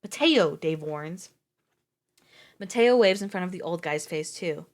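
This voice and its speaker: A woman's voice: fairly low pitch, unhurried, darkish tone. A woman streamer reading a story aloud live, breaking off for casual, swearing asides.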